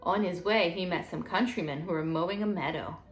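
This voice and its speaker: A woman gently reading a fairy tale aloud to children in a steady storytelling manner. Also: lowish voice, brisk, soft background music.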